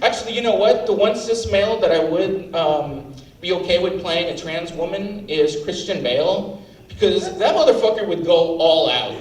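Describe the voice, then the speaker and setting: A man's voice: high voice, normal speed. A man doing standup, ranting with outrage and plenty of profanity. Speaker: standup comic. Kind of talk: standup set. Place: comedy club stage. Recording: roomy live venue, mic at a distance, faint ambience.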